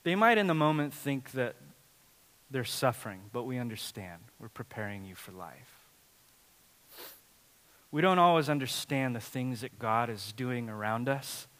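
A man in his thirties preaching a sermon as a dad telling family stories, animated and swinging from loud to hushed. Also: medium pitch, measured pace, pauses often. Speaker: pastor. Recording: long hall reverb.

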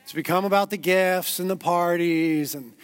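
A man's voice: high voice, moderate pace, clean tone, no echo. A man preaching a sermon as pastor, earnest and growing emphatic, with repeated words as he builds.

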